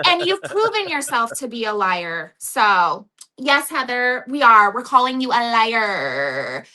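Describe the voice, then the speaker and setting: Brief: outspoken woman guest, high bright tone, swears freely, lively storytelling. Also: slow. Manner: profane, animated storytelling. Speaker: guest, former cast member. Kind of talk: casual podcast chat.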